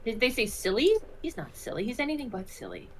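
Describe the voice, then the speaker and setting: A woman's voice: a little high, quick pace, slight background noise, rough recording. A woman co-hosting a livestream, reading out chat and giggling along in casual talk. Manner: lively, giggly, reads chat.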